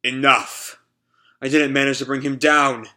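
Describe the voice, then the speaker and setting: Cold male assassin, read by a man, flat scorn, bright voice. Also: medium pitch, unhurried.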